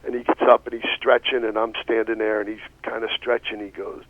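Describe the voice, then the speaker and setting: A man telling a long, animated story on a radio talk show, swearing casually as he goes. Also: fairly low pitch, brisk, dry recording. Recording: tinny phone-like radio audio.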